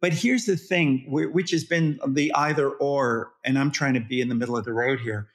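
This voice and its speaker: A man as a parenting expert guest in an interview, explaining in an animated, demonstrative way and acting out how parents talk to toddlers. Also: medium pitch, normal speed, few pauses.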